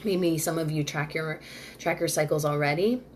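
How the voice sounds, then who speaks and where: Woman, low-pitched voice, workshop host, casual rambling talk, answers viewer comments. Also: normal speed, slight background noise. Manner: chatty, reads viewer comments aloud and answers them; loose and rambling, full of "like" and restarts. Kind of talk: live-streamed workshop talk.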